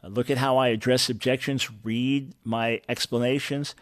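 An earnest man hosts a call-in radio show in a dry, close recording. He speaks at a middle pitch and often repeats words to stress a point. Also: level tone, moderate pace, dry recording. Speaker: radio talk show host.

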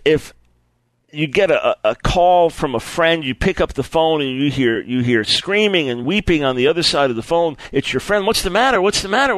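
A man's voice: on the high side, no echo, low-quality recording. A man preaching a sermon on apologetics, repeating phrases for emphasis and acting out the people in his stories.

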